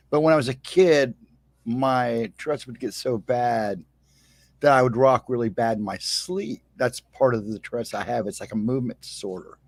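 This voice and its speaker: A man's voice: medium pitch, no room sound. Laid-back man telling his story, dry sound. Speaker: guest. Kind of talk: casual storytelling on a livestream.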